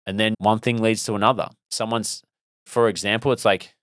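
A young man with a deep, low voice talks through a motivational story for his podcast. His delivery is loose and rambling, full of restarts and fillers, recorded close and dry with no room sound. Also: fairly even intonation, moderate pace, a bit bright, no room sound. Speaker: podcast host. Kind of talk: casual motivational monologue.

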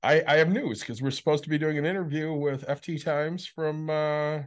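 A man's voice: on the high side, fairly even intonation, moderate pace. A man co-hosting a podcast in casual chat, blunt and swearing freely. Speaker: podcast co-host.

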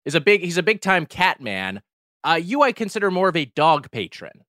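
A man's voice: on the high side, sing-song, moderate pace, sharp tone, no room sound, studio quality. A man from Long Beach, California co-hosting a podcast, telling stories in casual chat with quoted voices and emphatic swearing. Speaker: podcast co-host.

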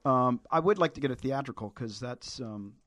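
A man's voice: mid-range voice, normal speed, a bit bright, no room sound. A man hosting a casual podcast conversation, easygoing and asking probing questions. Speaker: podcast host.

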